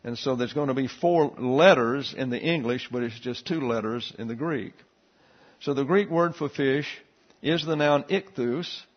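A man teaching a Bible class, explaining Greek letters and a verse in a steady, explanatory way with frequent fillers. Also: medium pitch, slightly rough, highs cut off.

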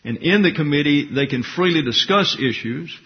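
A man's voice: a little high, expressive, normal speed. Guy teaching history, chatty asides, kinda muffled lo-fi recording. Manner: conversational asides, opinionated. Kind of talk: history lecture.

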